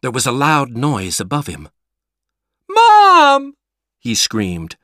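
A man reading a story aloud, slow and expressive. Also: mid-range voice, no echo, clean studio sound. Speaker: narrator.

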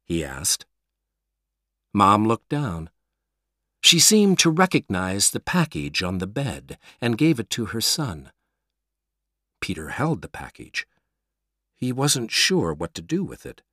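A man reading a story aloud, slow and expressive. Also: fairly low pitch, no echo, clean studio sound. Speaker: narrator.

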